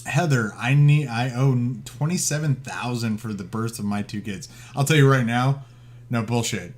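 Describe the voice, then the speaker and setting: A man chats loosely as a podcast host, swearing freely and laughing through his own stories. He slips into quick voices for the people in his tales. His pitch sits right in the middle for a man. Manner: profane, laughing storyteller who acts out quotes. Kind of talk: casual podcast chat.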